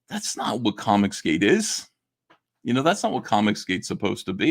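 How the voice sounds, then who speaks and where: A man's voice: lowish voice, big pitch swings, normal speed. Blunt, indignant middle-aged man. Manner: indignant, blunt, swears, stammering restarts. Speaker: comic artist and YouTuber. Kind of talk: casual monologue to camera.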